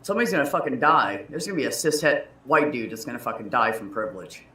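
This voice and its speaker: A woman's voice: extremely low pitch, expressive, quick pace, pushed and bright, distant mic. A woman in her thirties hosting a casual livestream chat, telling a story in a profane, heated way. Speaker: livestream host. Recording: roomy echo.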